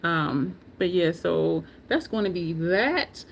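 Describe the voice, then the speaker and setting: A woman's voice: fairly low pitch, expressive, slow pace, vocal fry, a little hiss or hum. Chatty woman hosting a beauty livestream. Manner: chatty and opinionated, answering viewer comments; loose, rambling, with frequent ums and restarts. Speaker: beauty channel host. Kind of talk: casual livestream chat.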